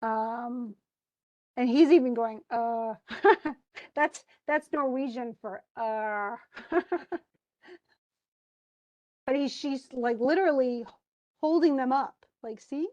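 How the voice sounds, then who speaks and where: Chatty woman teacher, higher voice. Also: a little slow, pauses often, darkish tone, lo-fi sound. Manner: chatty, reads quotes aloud, laughs often. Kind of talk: literature class discussion.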